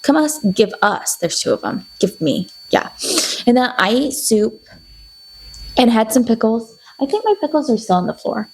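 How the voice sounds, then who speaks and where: A young woman rambling through a casual video diary, chatty and animated, acting out bits of conversations as she tells them. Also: a little high, moderate pace, husky, low-quality recording. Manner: rambling, animated, chatty storytelling with playful quoted voices. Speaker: video diarist. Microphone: camera.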